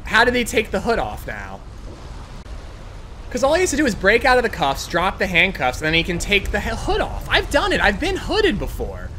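A man giving gameplay commentary, excitable and ranting with frequent swearing. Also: sits high, normal speed, a little hiss or hum. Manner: excitable, swears freely, rants in frustration. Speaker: gaming video creator.

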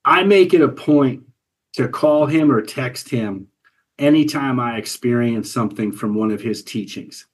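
A man's voice: medium pitch, unhurried, husky. A man in his forties, a guest on a podcast, talking earnestly about parenting and often repeating words as he talks. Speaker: podcast guest, business coach and father. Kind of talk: casual interview conversation.

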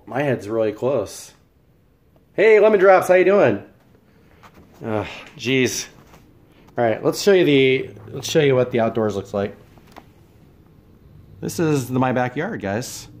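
A man from the United States talks through a casual live cooking stream at home. He chats loosely with viewers, stops to greet people by name, and keeps up a running commentary as he works. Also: medium pitch.

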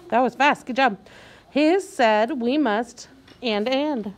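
A high-voiced woman teaching young children to read. She speaks slowly and clearly, stretching out words so the children can follow, with a patient classroom manner. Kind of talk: reading lesson for young children.

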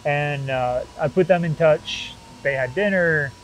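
A man from Michigan, a guest in a casual interview, telling a story in a relaxed way with lots of fillers. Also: on the high side, a little slow, slight background noise, low-quality recording. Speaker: guest, bassist and machine shop manager.

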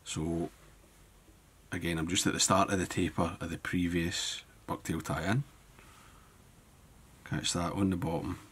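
A man giving a relaxed step-by-step fly-tying tutorial, thinking aloud as he works. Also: deep voice, a little slow, long pauses, slightly rough.

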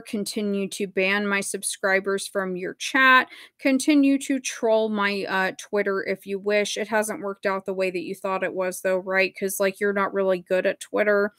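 A woman's voice: medium pitch, a bit bright, smooth, dry recording, clean studio sound. A woman delivering an angry, contemptuous callout rant straight to her viewers, cutting and emphatic. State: emotional, voice straining. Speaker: video creator. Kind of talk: direct-to-camera callout rant.

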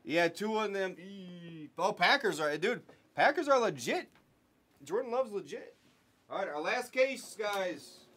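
A man's voice: high-pitched, expressive, unhurried, a bit bright. A young man hosting a live sports card break, talking casually and joking with his viewers. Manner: chatty, jokes with viewers and talks sports. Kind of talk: casual live stream chat.

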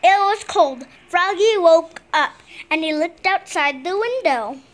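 A woman reading a picture book aloud slowly and haltingly, stumbling and restarting on words. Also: very high-pitched, lively intonation. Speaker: reader.

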